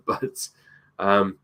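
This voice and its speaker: A man co-hosting a movie review show, chatting casually about a film with hesitant pauses and dry asides. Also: lowish voice, pushed and bright. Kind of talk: casual chat, movie commentary.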